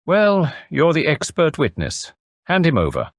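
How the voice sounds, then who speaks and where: A man's voice: fairly high pitch, huge pitch swings, measured pace, no room sound, studio quality, voice pushed up, exaggerated voice. A man voicing an anxious aristocratic new father in an audiobook, with clipped upper-class banter.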